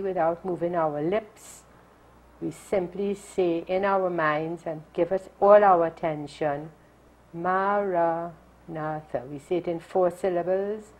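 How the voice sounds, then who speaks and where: Low husky-voiced religious sister. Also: female voice, low-quality recording. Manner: calm, slow and deliberate. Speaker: religious sister teaching meditation. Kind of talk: gentle meditation instruction.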